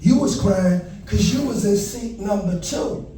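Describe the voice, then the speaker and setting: A man doing a stand-up comedy set, telling a story with animated delivery and panicked shouted bits. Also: high-pitched, a little slow, slight background noise. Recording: echoey venue heard from a distance.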